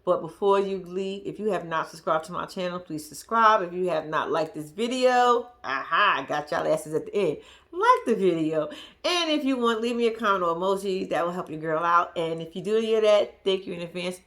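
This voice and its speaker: A woman's voice: lowish voice, expressive, a little fast, a bit bright. A woman vlogger giving casual, slangy commentary on a reality show, laughing often and talking animatedly. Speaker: reaction vlogger.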